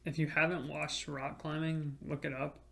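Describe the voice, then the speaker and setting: A young man in his twenties talks in a slightly high, gravelly voice as a podcast co-host. His manner is relaxed and easygoing, and he sounds at ease chatting. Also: normal speed. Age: 20s. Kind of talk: casual chat.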